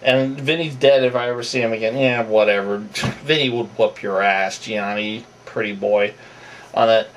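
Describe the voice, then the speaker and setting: A man's voice: on the low side, steady tone, normal speed, fairly bright tone, distant mic. A man giving off-the-cuff, opinionated commentary that rambles with asides and restarts.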